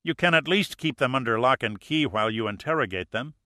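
A man's voice: medium pitch, expressive, brisk, bright, forceful tone, dry recording, clean studio sound. Man doing an indignant, cold mine owner.

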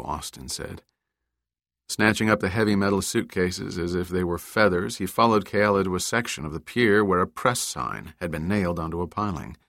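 Low-voiced guy reading a thriller novel, steady, dry room. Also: normal speed, creaky, dry recording. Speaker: audiobook narrator. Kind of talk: scripted narration.

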